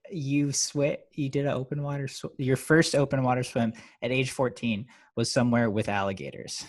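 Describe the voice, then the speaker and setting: Male podcast host, easygoing and casual, laughs often, halting phrasing. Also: medium pitch, fairly even intonation.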